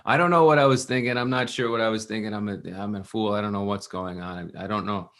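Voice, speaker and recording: A man's voice: medium pitch, expressive, normal speed, vocal fry, a bit bright. A man voicing a flustered young devotee who stammers through apologies.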